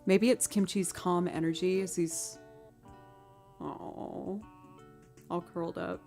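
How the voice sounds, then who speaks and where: Woman musician on a home stream; casual, animated storyteller who laughs easily, goes soft and cooing with her pet. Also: fairly low pitch, slow, gravelly, faint music behind. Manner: animated, laughing often while telling stories. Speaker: musician livestreamer.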